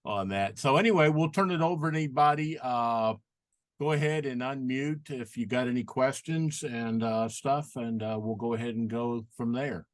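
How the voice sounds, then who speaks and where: A man hosting and moderating a video-call meeting, relaxed and hesitant with lots of fillers. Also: mid-range voice, moderate pace, no echo. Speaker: host and moderator. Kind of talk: casual video-call chat.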